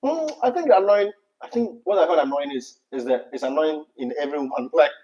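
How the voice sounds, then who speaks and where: A Ghanaian man co-hosts a casual livestream chat in Ghanaian-accented English, laughing a lot and drifting into Pidgin. His voice is fairly high, animated and warm, moving at a quick clip over lo-fi sound.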